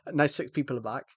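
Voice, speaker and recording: Rambling and joking on a live stream, a man keeps cutting himself off to restart his sentences in casual chat. He has a slightly rough, mid-range voice, recorded with no echo.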